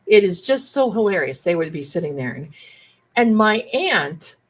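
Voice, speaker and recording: A middle-aged woman hosting a livestream, telling a family story in a chatty, animated way and acting out the relatives she quotes. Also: fairly low pitch, normal speed, slightly rough, rough recording. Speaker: livestream host, tarot reader.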